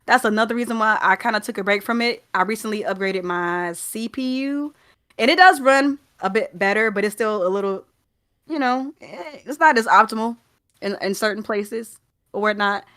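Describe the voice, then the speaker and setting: A woman's voice: medium pitch, normal speed, fairly bright tone, no room sound, studio quality. A young woman with a Southern US accent, co-hosting a gaming podcast in casual, rambling chat full of fillers and restarts. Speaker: podcast co-host.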